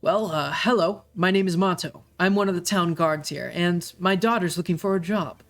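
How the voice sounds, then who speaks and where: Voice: medium pitch, normal speed, faint music behind, lightly acted. A game master voicing a father who is a town guard, speaking plainly and politely. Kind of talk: tabletop game character voice.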